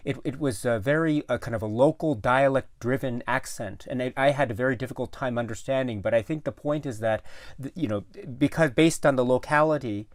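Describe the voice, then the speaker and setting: Rich: A man in a relaxed film chat, picking his way through each thought with stops and restarts. His voice sits at an ordinary middle pitch. The sound is dry and close, with no room around it. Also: dry recording. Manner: halting, searching for words with many restarts. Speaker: guest commentator. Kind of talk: casual film discussion.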